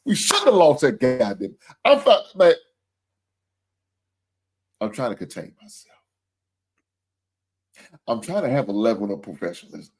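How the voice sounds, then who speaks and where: A man's voice: medium pitch, very animated, a little slow, long pauses, husky. A man hosting a livestream sports show, venting with profane, heated talk about his team's loss and calling out viewers directly. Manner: addresses viewers and super chat senders directly.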